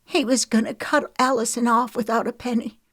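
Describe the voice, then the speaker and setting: A woman voicing a spiteful middle-aged villainess with a raspy, grating voice in an audiobook. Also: a little high, little pitch movement, brisk, a bit bright, dry recording, clean studio sound, voice pushed up. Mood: furious. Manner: taunting, venomous. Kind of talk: audiobook character reading.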